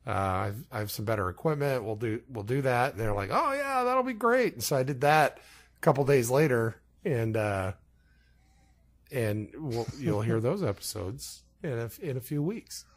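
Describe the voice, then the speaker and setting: A man co-hosting a podcast tells an anecdote in a loose, chatty way, laughing often as he goes. His voice sits at an ordinary middle pitch. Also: normal speed. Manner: laughing, animated anecdote telling. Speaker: podcast co-host. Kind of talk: casual storytelling.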